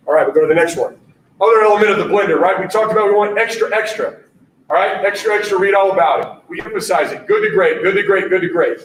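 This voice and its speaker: Male basketball coach presenting at a conference, high voice, punchy catchphrase delivery, echoey distant room mic. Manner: energetic, punchy, repeats catchphrases, keeps asking "all right?".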